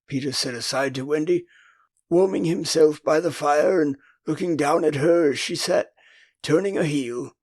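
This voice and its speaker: An older man with an English accent narrating a classic children's novel as an audiobook, with an expressive storytelling manner. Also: a little high, moderate pace, slightly rough.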